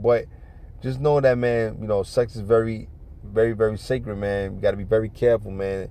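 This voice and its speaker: A man's voice: fairly low pitch, fairly even intonation, a little fast, mellow. A man telling a neighborhood story in casual, profane street talk, then urging listeners toward faith, peppering every line with "man" and "you know what I'm saying.". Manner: earnest religious exhortation. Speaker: vlogger giving life advice.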